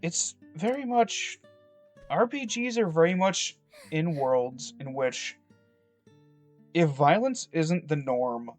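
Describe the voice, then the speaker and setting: A man's voice: a little high, expressive, slow, long pauses, faint music behind. A man from Michigan giving casual, rambling let's-play commentary from his rural home, cursing freely and drifting between topics. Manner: rambling, profane, digressive. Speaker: gameplay commentator.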